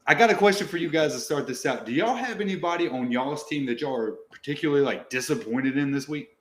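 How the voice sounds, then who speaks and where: A man hosting a casual podcast, ranting and swearing a lot in an animated way. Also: a little high, fast talker, a little hiss or hum. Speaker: podcast host. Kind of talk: profane casual chat. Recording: roomy echo.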